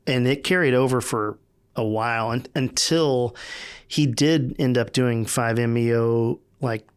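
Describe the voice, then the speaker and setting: Smooth-voiced man, halting casual talk. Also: medium pitch. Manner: relaxed, halting with fillers and restarts. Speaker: podcast guest. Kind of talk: casual conversation.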